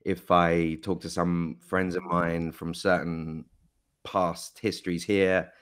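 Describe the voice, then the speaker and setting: Deep-voiced man, mixed English accent. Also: flat delivery, takes it slowly, smooth. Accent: mixed, mostly English with American touches. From Mexico. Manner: hesitant, many fillers and restarts. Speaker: guest actor. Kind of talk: casual interview chat.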